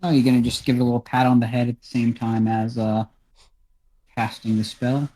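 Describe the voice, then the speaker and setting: A man's voice: medium pitch, little pitch movement, brisk, mellow. A man narrating a tabletop role-playing game as game master, in a casual, chatty way.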